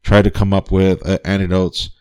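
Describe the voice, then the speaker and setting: A man's voice: sits low, monotone, normal speed, darkish tone, clear, resonant tone. A man hosting a podcast and reviewing a film in loose, profane chat, full of fillers and restarts. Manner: laughs often, enthusiastic. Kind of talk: casual spoken review.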